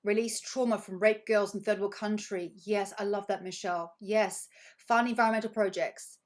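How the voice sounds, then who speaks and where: A woman's voice: medium pitch, fairly even intonation, moderate pace. A woman coaching a live online group, reading out comments with bursts of praise and repeating phrases for emphasis. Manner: effusive, reads chat comments aloud with bursts of praise. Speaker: money coach.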